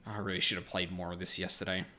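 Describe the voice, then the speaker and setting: A man's voice: sits low, level tone, fast talker, bright, forceful tone. A man streaming a game and commenting casually, blunt and exasperated, with frequent swearing.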